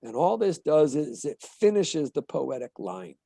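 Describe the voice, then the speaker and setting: A man lectures in an animated, explanatory way, sounding out beats as he teaches. His voice is gravelly and husky, with a mellow, dark tone. The recording is dry and close. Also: a little high, unhurried, no echo. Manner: animated, explanatory, taps out rhythms aloud. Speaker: literature lecturer. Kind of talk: classroom book-talk lecture.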